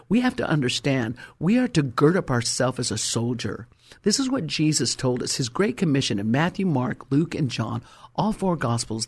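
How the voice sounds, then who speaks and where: Husky-voiced fervent male preacher. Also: medium pitch. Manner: fervent, storytelling, rhyming emphasis. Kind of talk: sermon.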